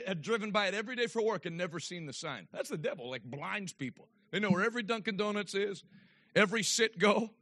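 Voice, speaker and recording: A man with a high voice preaches in a church. He moves from loud, emphatic declarations to low, conversational anecdotes, then builds back up to rousing calls. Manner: swings from loud preaching to quiet storytelling. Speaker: evangelist. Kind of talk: sermon. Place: church sanctuary.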